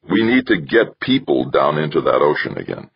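Man reading earnest male station director, calm, deliberate, husky, lifted a little above a very low voice. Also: dry recording, heavily acted. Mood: persuasive. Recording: dull, dry lo-fi recording.

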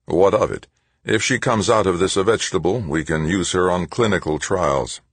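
A man voicing a cold, sadistic male doctor who speaks slowly and coldly. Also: low-pitched, slightly rough, dry recording, pitched above the performer's own voice. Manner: cold and slow.

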